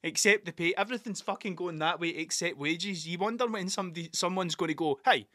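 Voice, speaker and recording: Bright, sweary Scottish man rambling. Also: high voice, quick pace, no echo, studio quality. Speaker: podcast host. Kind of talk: casual solo monologue.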